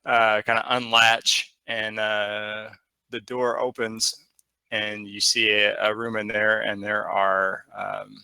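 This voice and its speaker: A man narrating as game master of a tabletop game, rambling and halting with many fillers. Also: lowish voice, level tone, creaky, bright, forceful tone, clean tone, dry recording.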